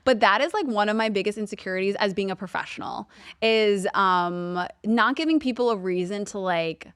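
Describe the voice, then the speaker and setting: A woman in her thirties with a light Long Island accent talks through a casual podcast chat, peppering her speech with "like." Her voice is smooth and clear, and the sound is dry and close. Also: medium pitch, a bit bright, no room sound. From Long Island, New York. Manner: chatty, many "like" fillers, quick laughs. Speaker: podcast guest, TV lifestyle host.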